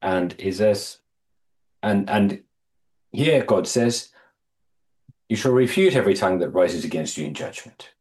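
A man leading a Bible study, reading scripture aloud, explaining it with halting restarts and quizzing his listeners. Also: low-pitched, expressive, darkish tone. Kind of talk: Bible study teaching to a small group. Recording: echoey room.

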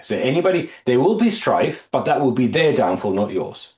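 A man leading a Bible study, reading scripture aloud, explaining it with halting restarts and quizzing his listeners. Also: mid-range voice, very animated, darkish tone. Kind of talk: Bible study teaching to a small group. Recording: echoey room.

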